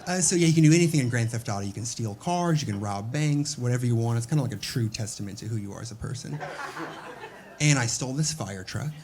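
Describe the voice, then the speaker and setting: A man's voice: mid-range voice, lively intonation, fast. Young guy doing standup, loose and rambly, hissy live tape. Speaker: stand-up comedian. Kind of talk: stand-up comedy. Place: comedy stage.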